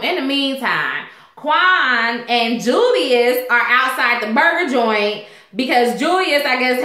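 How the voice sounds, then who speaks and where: A woman's voice: fairly high pitch, bright, forceful tone. A woman giving a casual, rambling recap of a TV episode, full of fillers and asides. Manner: chatty, rambling, fillers like "you know what I'm saying". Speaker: TV show reviewer. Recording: echoey room.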